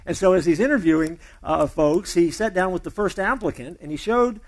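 Chatty pastor, slightly high voice. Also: male voice, brisk. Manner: conversational storyteller, loose and chatty with repeated restarts. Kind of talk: sermon opening with a told joke.

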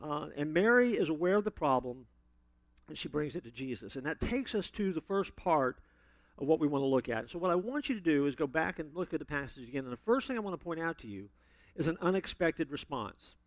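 A man preaching a sermon, telling stories with sudden loud emphasis and playful asides. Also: fairly high pitch, sing-song, a little fast, dry recording.

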